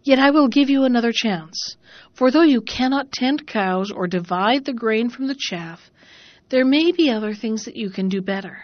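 A woman's voice: on the high side, animated, normal speed, no room sound, dull audio, close to an everyday voice. Woman doing a stern old farm mistress. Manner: grim and reproachful. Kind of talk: storybook narration.

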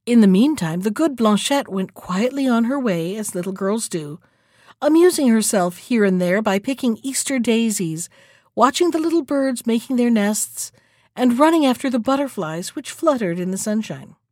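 A woman narrating a fairy tale aloud in an expressive, dramatic storytelling manner. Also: a little high, no room sound, studio quality. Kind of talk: storybook reading.

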